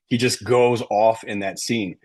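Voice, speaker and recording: A man's voice: lowish voice, steady tone, unhurried, a little mellow. A middle-aged man coaching a sales team, talking emphatically and often checking in with "right?". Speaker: sales trainer. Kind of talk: sales training talk to a team.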